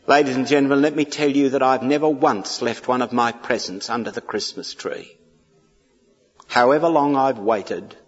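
A man preaching a sermon, mixing humorous storytelling with emphatic, pleading repetitions. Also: medium pitch. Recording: dull echoey hall.

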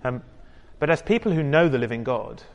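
A man's voice: medium pitch, expressive, a little fast, creaky, in a large hall. A British man preaching a sermon in a chatty, joking way, talking to the congregation. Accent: British English. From United Kingdom. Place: church hall with a congregation.

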